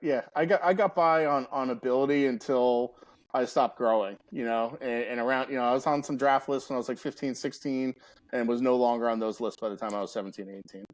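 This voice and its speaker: A man's voice: mid-range voice, fairly quick, no room sound. Storytelling man in his forties. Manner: storytelling, laughing, frequent restarts. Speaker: guest host. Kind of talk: casual podcast chat.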